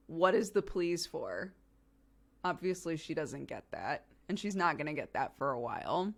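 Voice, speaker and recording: A woman's voice: deep voice, big pitch swings, moderate pace, vocal fry. A young woman streamer telling a story in casual chat, laughing often and acting out the quotes. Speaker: streamer and host.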